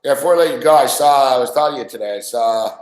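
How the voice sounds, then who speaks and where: A man's voice: medium pitch, fast talker. Chatty man in an echoey room. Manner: animated storyteller, acts out quotes with swearing and laughs. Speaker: podcast host. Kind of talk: casual sports chat.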